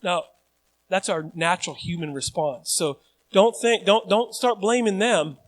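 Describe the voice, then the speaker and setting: A man preaching a sermon as pastor, mixing chatty asides to the congregation with loud, emphatic calls. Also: sits high, unhurried.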